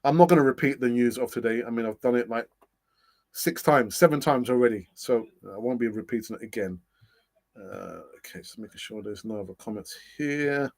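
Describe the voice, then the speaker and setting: A middle-aged man with a medium-pitched, brisk, gravelly voice hosts a casual fan channel live stream. He chats, reads out comments, laughs often, and thinks aloud with fillers.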